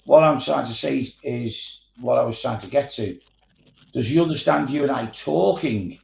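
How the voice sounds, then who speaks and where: Gravelly Scouse man, casual chat. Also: medium pitch, normal speed, darkish tone, roomy sound, lo-fi sound. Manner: swearing, rambling storyteller. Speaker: miniature painting streamer.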